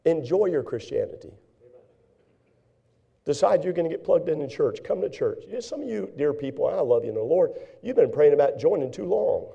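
A pastor delivers a folksy sermon in a deep-toned, gravelly voice. He preaches with lively, animated energy. The recording is dull and lo-fi. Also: brisk.

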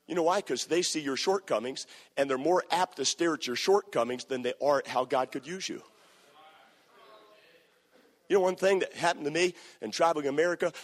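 A man preaching a sermon, animated and playful as he acts out scenes for the crowd. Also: on the high side. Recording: echoey hall.

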